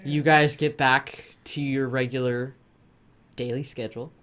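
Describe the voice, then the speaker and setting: A woman narrating as dungeon master of a tabletop game, relaxed, with frequent ums. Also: very deep voice, unhurried.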